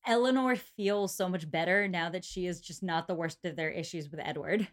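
A woman's voice: on the low side, normal speed. A woman co-hosting a podcast, chatting casually with an easygoing, wry manner. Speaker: podcast co-host. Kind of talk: casual book-club chat.

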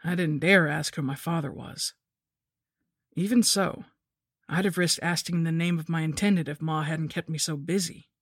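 A woman narrating a scripted horror story in a measured, somber way. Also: low voice, fairly even intonation, breathy edge, no room sound, clean studio sound.

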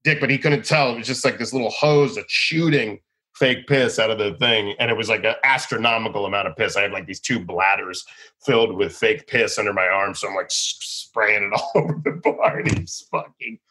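A man in his thirties, a comedian guest, telling stories in a rambling, animated way with quick bursts of acted voices. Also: fairly low pitch. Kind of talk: casual storytelling interview.

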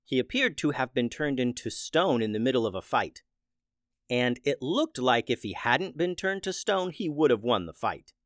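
A man narrating a children's adventure story in a steady, plain way. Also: medium pitch, moderate pace, dry recording, clean studio sound.

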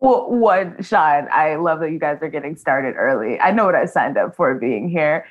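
Female guest, very lively sing-song delivery, quick, playful comedic banter. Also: deep voice, narrow, tinny audio. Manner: playful, laughing, quick-witted. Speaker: podcast guest. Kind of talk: casual comedic chat.

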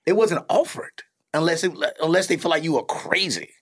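A man, a comedian and dad hosting a podcast, telling stories in a casual, animated way with plenty of cursing. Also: on the high side, a little fast, slightly rough. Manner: animated storytelling, cursing freely. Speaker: podcast host; comedian and father.

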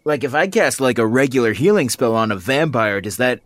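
A man's voice: medium pitch, lively intonation, brisk, a bit bright, no echo. A man playing a tabletop game, talking in a laid-back, hesitant way. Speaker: player. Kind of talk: casual game chat.

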